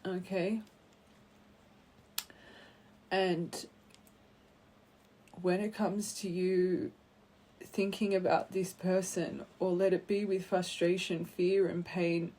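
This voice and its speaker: A woman giving a tarot card reading to her viewers, speaking gently and heartfelt and calling her listeners her angels. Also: on the low side, little pitch movement, slow pace, long pauses. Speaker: tarot reader.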